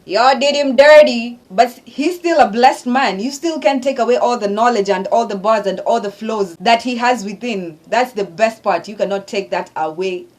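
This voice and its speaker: A woman's voice: a little high, moderate pace, few pauses, darkish tone, a little hiss or hum. A woman hosting a reaction video who breaks down rap lyrics line by line in casual, profane, emphatic chat.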